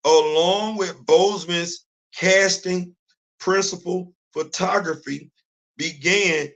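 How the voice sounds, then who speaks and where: A man hosting his own comic book morning show, his voice sitting high and bright. He speaks casually and emphatically, even though his voice is worn out. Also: takes it slowly. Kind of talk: casual talk-show commentary.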